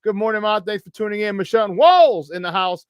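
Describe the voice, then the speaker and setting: Fired-up male sports radio host, high voice, close dry studio sound, greets listeners by name. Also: animated, brisk, clear, resonant tone, dry recording. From Chicago area. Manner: hyped, shouting out listeners by name. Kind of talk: morning sports talk show.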